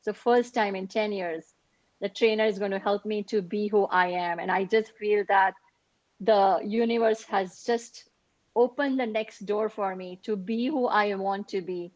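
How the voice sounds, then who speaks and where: A woman's voice: medium pitch, steady tone, unhurried, a little mellow, no room sound, dull audio. A woman sharing a grateful, emotional healing testimony on a video call. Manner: heartfelt, grateful, gets emotional. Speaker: participant sharing a healing story.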